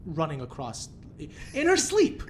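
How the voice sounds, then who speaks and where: Man in lively, swearing podcast banter. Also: a little high, slight background noise. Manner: exclaiming, swearing, quick back-and-forth. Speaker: podcast co-host. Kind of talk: casual chat.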